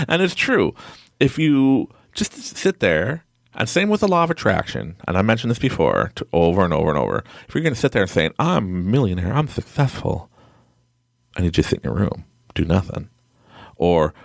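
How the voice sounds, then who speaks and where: A podcast host, a man with a very low voice and a gravelly, creaky edge. His pitch swings widely as he rambles through stories, laughing often. The sound is close and dry. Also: fairly quick, no room sound. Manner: rambling, animated storyteller who laughs often. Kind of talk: casual interview chat.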